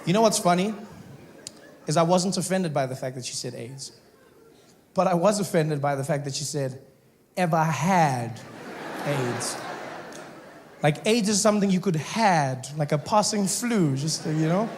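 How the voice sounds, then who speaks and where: A man performing a stand-up comedy set on stage, telling stories with animated, mock-indignant bursts. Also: on the high side, normal speed, slight background noise. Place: comedy stage before live audience.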